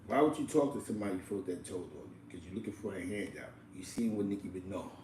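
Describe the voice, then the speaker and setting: A man hosting street commentary, profane and animated, laughing often. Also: sits low, fast, echoey room, distant mic, slight background noise, rough recording. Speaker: commentary host.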